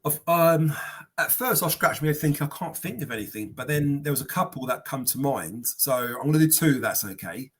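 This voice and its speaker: A man telling animated football anecdotes on a podcast panel, slipping into quoted voices. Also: medium pitch, fairly quick, breathy edge. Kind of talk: casual storytelling.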